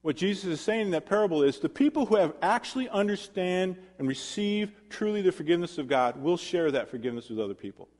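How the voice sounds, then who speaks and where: A man's voice: high voice, animated, fast talker, hardly any pauses, darkish tone. A male pastor preaching a sermon in a conversational way, with self-deprecating asides and questions to the congregation. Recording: long hall reverb.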